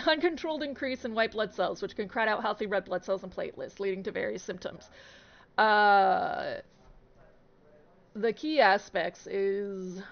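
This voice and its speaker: A woman's voice: mid-range voice, measured pace, gravelly. A young woman giving casual, giggly game commentary, rambling and correcting herself as she goes. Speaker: let's play streamer. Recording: dull lo-fi sound.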